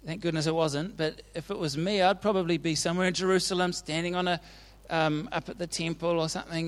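Casual male preacher, slightly high voice, chatty, keeps asking the room "right?". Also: fairly even intonation, brisk, few pauses. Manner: chatty and informal, often checks in with the audience. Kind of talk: casual sermon retelling Bible stories.

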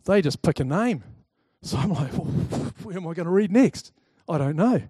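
A man giving a talk to a live audience, lively and chatty, telling personal stories and acting out the people in them. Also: fairly high pitch, normal speed, slightly rough, dry recording, clean studio sound. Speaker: speaker presenting to a group.

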